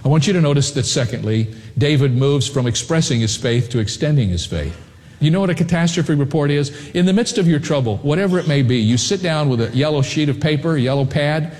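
A man preaching a sermon in earnest storytelling, slowing down to stress key lines. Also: mid-range voice, darkish tone. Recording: long hall reverb.

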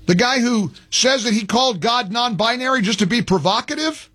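A man's voice: very high voice, lively intonation, normal speed, fairly bright tone. An older man hosting a political talk radio show, delivering a heated, rambling monologue full of restarts and repetitions. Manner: heated, ranting, repeats himself, frequent restarts.

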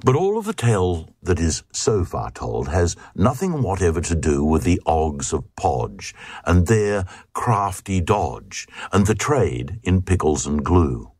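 Husky man reciting a rhyming poem. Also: sits low, unhurried, dry recording, studio quality. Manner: lively sing-song recitation. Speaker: narrator. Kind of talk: reading a comic rhyming poem aloud.

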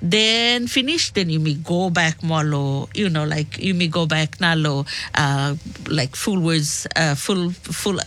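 A woman's voice: low-pitched, slow, a bit bright. A young woman radio presenter from the Solomon Islands with a Solomon Islands Pijin accent, chatting casually in a mix of English and Pijin with lots of fillers.

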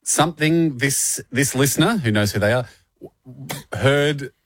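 A man's voice: mid-range voice, animated, a little slow, no echo, studio quality. A man co-hosting a podcast in casual chat. He talks in a playful, teasing way and laughs often. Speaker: podcast co-host.

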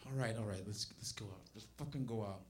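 A man doing profane, animated stand-up comedy. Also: lowish voice, fast talker. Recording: live club audience laughing.

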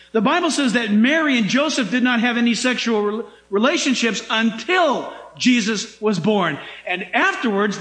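A male pastor giving a sermon in an animated, emphatic style, with dramatic asides, in a church sanctuary. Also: extremely high pitch. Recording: echoey room.

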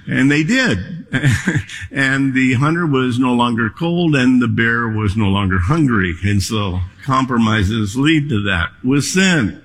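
A male pastor preaching a sermon in a church, slow and deliberate, leaning on key words. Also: mid-range voice, lively intonation, a bit bright. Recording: long hall reverb.

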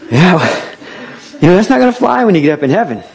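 A man's voice: sits high, creaky. A man preaching a sermon in a conversational way. He acts out quotes as he goes.

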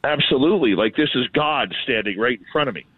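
A man's voice: medium pitch, quick pace, husky, dry recording. Canadian man over a tinny phone line. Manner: animated, self-deprecating storyteller. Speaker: radio host, guest. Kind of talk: casual chat, storytelling.

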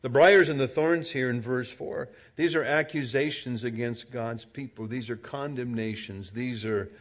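A man preaching a sermon, telling an everyday story in a conversational way and rising to loud, emphatic exclamations. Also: medium pitch, normal speed.

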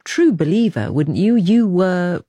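A woman's voice: fairly low pitch, very animated, measured pace, dark tone, slightly rough, no room sound. A woman interviewer asking probing, challenging questions.

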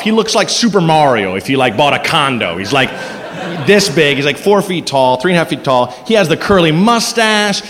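A man performing a stand-up comedy set on a club stage, animated and crude, acting out voices. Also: fairly high pitch. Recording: reverberant noisy club recording.

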